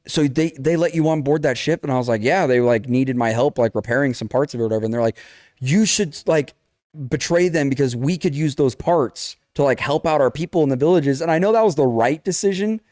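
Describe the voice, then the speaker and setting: A brisk, medium-pitched young man co-hosts a podcast, recorded in clean studio sound with no room sound. His casual video game story is animated and full of swearing, with the game characters acted out.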